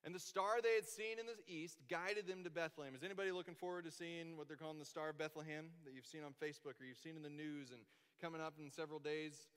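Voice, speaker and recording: A man preaching a sermon in church, telling the story in a lively way and acting out the quoted voices. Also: fairly high pitch, quick pace, clear, resonant tone. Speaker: pastor. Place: church sanctuary. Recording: long hall reverb.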